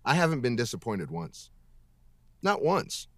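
A man's voice: mid-range voice, big pitch swings, measured pace, no room sound, studio quality. A man in a casual interview, talking emphatically and rambling with heavy swearing, over a video call. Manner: emphatic, profane, rambling with restarts. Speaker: voice actor guest.

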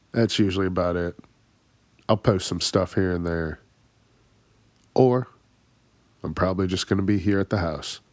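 A man's voice: sits low, darkish tone, no room sound. A man hosting his own comedy podcast, ranting in exasperated, profane bursts and laughing at his own jokes. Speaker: podcast host. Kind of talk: solo comedic rant.

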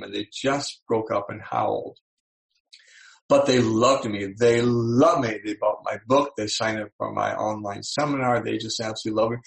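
Gravelly-voiced male motivational speaker. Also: on the low side, rough recording. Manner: animated, acts out quoted voices. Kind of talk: motivational talk to an audience.

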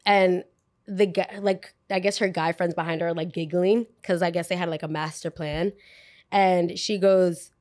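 A young woman casually telling a retail work story, animated and full of fillers, acting out what people said. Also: on the low side, normal speed, dry recording, studio quality. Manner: animated, lots of "like", acts out quotes.

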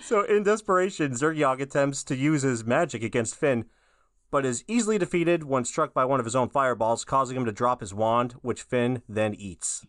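A man's voice: medium pitch, animated, normal speed, a bit bright, dry recording, clean studio sound. A man co-hosting a podcast, recapping a cartoon episode in a laid-back, rambling way, with a lot of "like.". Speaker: podcast co-host. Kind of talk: casual episode recap chat.

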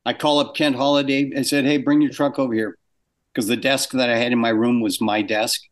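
An older man telling anecdotes in a casual interview, acting out quoted exchanges with animated shifts in pitch. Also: brisk. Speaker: guest animator.

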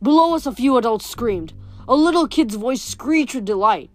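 Woman, reading a novel aloud, fairly high voice, steady storytelling, small slips. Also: normal speed, no room sound, faint music behind. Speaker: reader.

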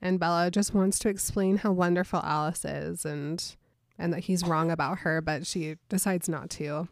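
A woman's voice: lowish voice, fairly even intonation, normal speed, no echo, studio quality. A woman co-hosting a casual podcast, retelling a book scene and acting out the characters' lines as she goes. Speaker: podcast co-host. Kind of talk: casual book recap chat.

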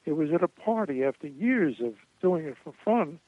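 An older man telling comedy stories as a guest in a radio interview, rambling with many pauses and restarts. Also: fairly high pitch, expressive. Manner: rambling anecdotes with frequent uh and restarts. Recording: tinny dry phone line.

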